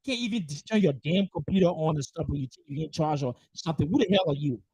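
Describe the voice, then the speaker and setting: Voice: medium pitch, expressive, fast, darkish tone, slightly rough, no room sound, rough recording. A political livestream host delivering an angry monologue, emphatic and profane, hammering the same rhetorical questions again and again. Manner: fierce, emphatic, repeats rhetorical questions, swears. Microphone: livestream microphone.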